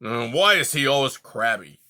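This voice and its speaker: A man doing a gruff, snappish old porcupine. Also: medium pitch, normal speed. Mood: grumpy. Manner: gruff, snappish, louder than the narration. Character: grumpy old male porcupine, sharp-tongued.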